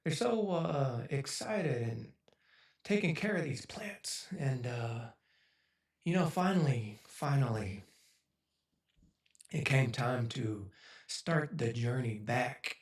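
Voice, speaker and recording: A man's voice: medium pitch, lively intonation, takes it slowly, pauses often. Choked-up man in his forties telling a story. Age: 40s. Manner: choked up and emotional, rambling with many fillers. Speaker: speaker on a livestream. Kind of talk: emotional storytelling to an audience. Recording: echoey room, voice from a distance.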